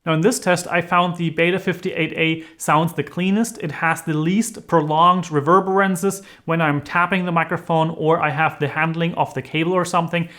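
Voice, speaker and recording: A man's voice: on the high side, fairly even intonation, normal speed, hardly any pauses, a bit bright. A man reviewing microphones into a handheld vocal mic, explaining each test in a methodical way. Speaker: tech reviewer.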